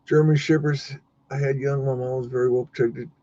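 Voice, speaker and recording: A man's voice: mid-range voice, level tone, a little fast, dark tone, no room sound, highs cut off. A man hosting a livestream, telling a story casually and rambling with many fillers and restarts. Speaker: livestream host.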